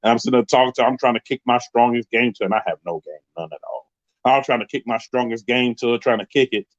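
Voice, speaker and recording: New man, 30s, live-stream host, lively storyteller who mimics other voices, dry muffled sound. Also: medium pitch, fast, no room sound. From Queens, New York. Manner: animated, acts out the voices of people in his story. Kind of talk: casual storytelling on a livestream.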